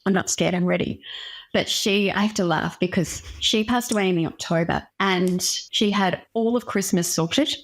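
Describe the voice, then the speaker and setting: A young woman, a doctor speaking as a guest in an interview, telling a personal story frankly and with emotion. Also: mid-range voice. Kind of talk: candid interview conversation.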